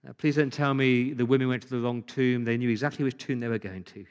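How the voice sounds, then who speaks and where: A man's voice: medium pitch, fairly even intonation, fast, muffled recording. Male pastor, emphatic sermon delivery with rhetorical questions, reverberant hall sound.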